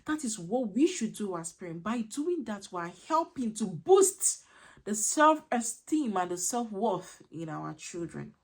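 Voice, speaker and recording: A woman's voice: medium pitch, very animated, unhurried, breathy edge. A woman giving earnest parenting advice as a coach, emphatic, repetitive and a little preachy.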